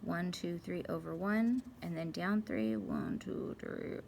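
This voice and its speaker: A woman's voice: on the low side, measured pace, creaky, a little mellow, a little hiss or hum. A young woman giving a casual, chatty math lesson, talking to herself playfully as she works through graphing problems. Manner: chatty, playful, talks to herself while working. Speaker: math teacher.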